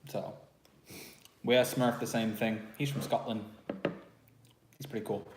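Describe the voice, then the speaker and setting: A Texan man with a fairly low voice hosts a live stream from a home room under house lighting, chatting and teasing casually in a flat, unhurried delivery. His throat sounds a bit sore, and the echoey recording has a little hiss or hum.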